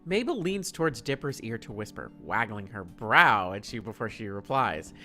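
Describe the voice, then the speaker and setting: Expressive narrator reading a fan story. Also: medium pitch, moderate pace, soft background music. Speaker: narrator and streamer.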